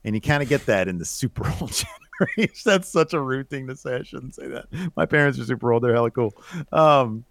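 A young man talks fast and animated in casual podcast chat, swearing freely and acting out other people's lines. His voice sits mid-range. The sound is dry and close to the mic. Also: medium pitch, no room sound. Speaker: podcast co-host.

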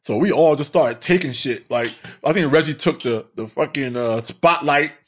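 Speaking at a normal speed in a fairly high pitch, a male stand-up comic shares road stories casually. The telling is animated and profane, broken up by lots of laughing.

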